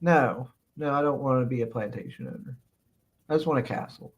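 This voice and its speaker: Speaking a little fast at a medium pitch, with a slightly rough edge, he runs a relaxed live stream. He reads out chat, chuckles often and rambles in response, leaning on fillers like "uh, let's see."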